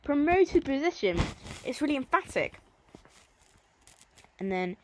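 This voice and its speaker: A woman teaching a recorded Latin lesson, reading verse lines slowly and then explaining them in plain, chatty terms. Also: a little high, expressive, dry recording.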